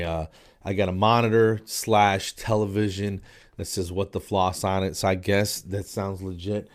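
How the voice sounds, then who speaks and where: A man hosting his own podcast in a casual solo chat, rambling and joking with lots of fillers, a bit nasal and stuffy from allergies. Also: low voice. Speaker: podcast host. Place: spare room downstairs.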